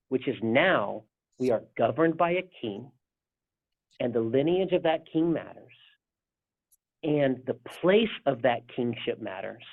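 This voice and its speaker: A man's voice: medium pitch, creaky. Male pastor leading a Bible study. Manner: casual, rambling, frequent restarts. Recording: tinny phone-like sound.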